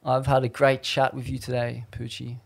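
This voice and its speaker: A relaxed man hosting a podcast, talking in a loose, rambling way full of slang and the odd curse. His voice sits at an ordinary middle pitch, easygoing and unhurried. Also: creaky. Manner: laid-back, slangy and swearing, rambling. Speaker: podcast host. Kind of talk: casual chat.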